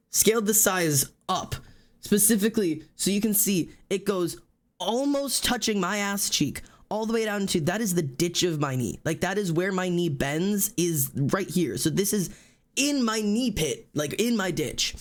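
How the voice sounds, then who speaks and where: A fairly high-voiced man chats casually on a live stream, swearing freely. He tells his story in an animated way and slips into other people's voices as he quotes them. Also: unhurried.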